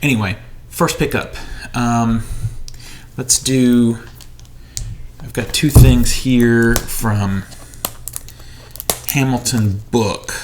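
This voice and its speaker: A man in a small home studio talks through a movie haul in a loose, rambling way, chatting at viewers as he unboxes his purchases. His voice sits at a middle pitch. A soft hiss of noise stays underneath. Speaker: movie collector vlogger. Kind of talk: casual haul vlog.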